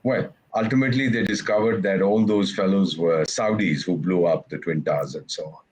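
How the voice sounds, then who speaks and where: Husky older man. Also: low-pitched, fairly quick, darkish tone, low-quality recording. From India. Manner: emphatic and sardonic, acts out quoted voices. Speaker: retired ambassador, interview guest. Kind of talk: candid, opinionated interview answers.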